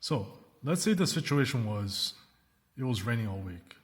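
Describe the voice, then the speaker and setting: A male English teacher giving a recorded lesson, slowing down to model example sentences and often checking in with "right?" and "okay?". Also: mid-range voice, sing-song. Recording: reverberant room.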